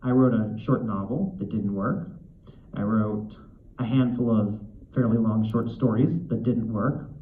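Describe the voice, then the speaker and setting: An author appearing as a convention guest speaks on a panel in a lowish, steady voice at an unhurried pace. He's chatty and self-deprecating, with frequent fillers and restarts, captured in a tinny, echoey hall recording.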